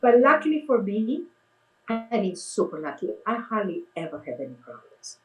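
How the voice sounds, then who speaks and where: In casual storytelling on poor audio, a middle-aged clown and face painter speaks in a mid-range voice at a moderate pace. Animated throughout, she acts out the quotes by raising her voice.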